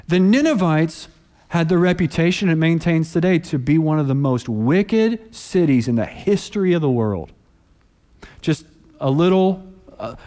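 Preaching in a large hall, a man in his thirties with a slightly high voice tells stories in his sermon. He's a pastor who acts out the people in them with animated voices.

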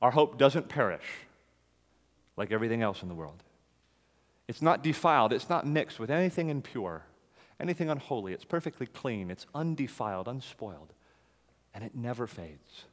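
A man preaching a sermon to a congregation, emphatic, rising louder on key phrases and dropping low after them. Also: sing-song, normal speed, long reverb tail.

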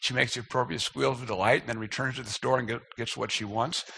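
A man's voice: medium pitch, steady tone, quick pace, creaky, background noise. A man in his fifties, a speaker telling a self-deprecating, humorous personal story as part of a sermon.

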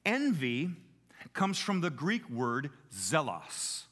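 A middle-aged man preaching a sermon in an emphatic way, often slowing down for stress. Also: a little high. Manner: animated, emphatic, shifting pace.

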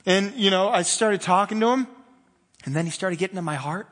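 A man preaching a sermon in a conversational way, moving between loud, fervent passages and soft, hushed ones. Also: high-pitched, animated, fast talker, big-room sound. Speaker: pastor.

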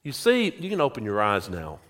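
A male pastor preaching a sermon, telling a story slowly and speaking directly to his congregation. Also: lowish voice, wildly swooping pitch, fairly bright tone. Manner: slow, drawn-out storytelling, addressing the congregation directly.

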